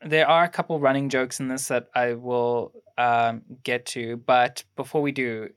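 In a casual film review chat, a young adult podcast co-host rambles through production facts, full of ums and restarts. The voice is medium-pitched, clean, a little slow, with fairly even intonation.

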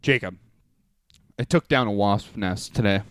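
A man's voice: on the low side, a little slow, no echo. A young man co-hosting a casual comedy podcast, joking, laughing often and acting out quoted arguments. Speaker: podcast co-host.

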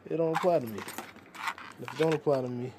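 A young man in the middle of a loose, profane solo podcast ramble, joking as he goes. His voice sits at an ordinary middle pitch. A steady noise hangs behind it. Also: quick pace. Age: young adult. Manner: crude, profane, jokey stream of consciousness. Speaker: podcast host.

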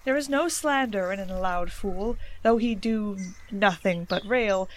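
An actress playing a proud young noblewoman in Elizabethan stage style, measured and commanding. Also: medium pitch, a little hiss or hum, natural voice.

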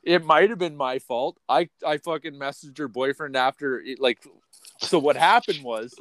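A man hosting a podcast, ranting unfiltered in a profane, rambling way that swings between loud outbursts and quiet mutters. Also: a little high, normal speed. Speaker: podcast host. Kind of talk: unfiltered casual rant.

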